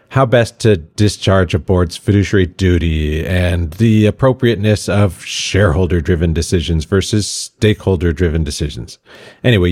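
A middle-aged man hosts a podcast in a casual scripted monologue. His voice sits very low, and he drops wry, sarcastic asides as he goes. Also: a little mellow. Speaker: podcast host.

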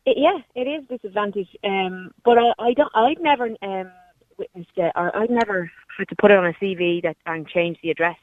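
A woman's voice: medium pitch, brisk, dry recording. A woman in her forties with a Dublin accent, calling in to a radio show. She chats casually and stops now and then with an um. Her voice comes through a tinny, dry phone line. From Dublin, Ireland. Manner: casual, hesitant with ums. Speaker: caller. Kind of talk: phone-in call.

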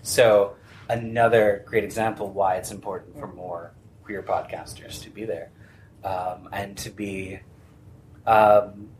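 A man's voice: fairly low pitch, a little mellow, a little hiss or hum. A man moderating a convention panel, talking earnestly and with animation, laughing easily.

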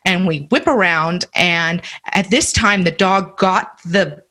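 A woman on a radio talk show telling a story in an animated, expressive way. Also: lowish voice, slow.

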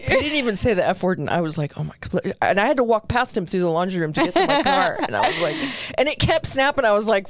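A woman in her forties telling a story in casual chat, animated and swearing as she acts out quotes. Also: mid-range voice, fast talker, hardly any pauses, no room sound. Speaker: podcast co-host.

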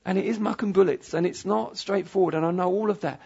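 A male preacher delivers an emphatic, pleading sermon in a fairly high, husky and gravelly voice. He presses his points by repeating them. The recording sounds dull and lo-fi. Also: quick pace, few pauses, a little mellow.

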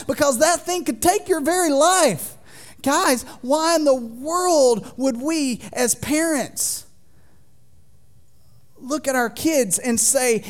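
A man in his thirties preaching a sermon in a church, folksy and joking with the congregation, swinging from loud to quiet. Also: very high-pitched, animated, unhurried. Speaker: pastor. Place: church sanctuary.

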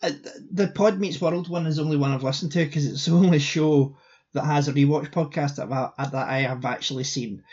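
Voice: medium pitch, fairly even intonation, a little fast, darkish tone, breathy edge, dull audio. A podcast co-host chatting casually about a film, wry and blunt, swearing offhandedly. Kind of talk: casual chat.

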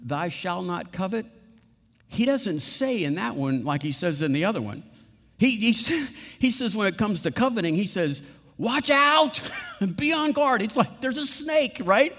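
A man preaching a sermon, animated, acting out little quoted voices and laughing at his own examples. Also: sits high, in a large hall. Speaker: pastor.

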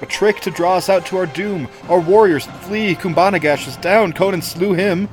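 A man's voice: high voice, moderate pace, soft background music, close to an everyday voice. A man voicing a dying male priest who shrieks frantic battle news through a crystal ball, in a story read aloud. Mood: panicked. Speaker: co-reader.

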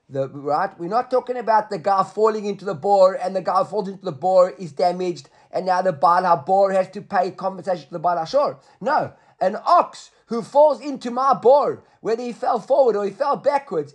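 A man teaching a Talmud class, explaining step by step and checking in with his listeners. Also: sits high.

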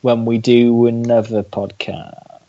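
A man co-hosting a podcast in casual, sarcastic banter. His voice sits at a medium pitch. The recording sounds a little dull and lo-fi. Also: flat delivery, slow, mellow. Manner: joking, sarcastic. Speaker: podcast co-host.

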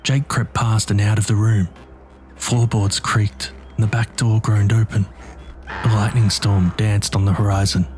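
A man with a low-pitched voice reads scripted narration in a measured, tense way. Faint music plays beneath his telling. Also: darkish tone.

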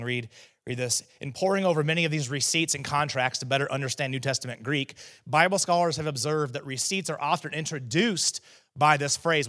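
A man preaching a sermon as teaching pastor, talking in a conversational way with asides to the congregation, then rising to loud, emphatic proclamations on key phrases. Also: mid-range voice.

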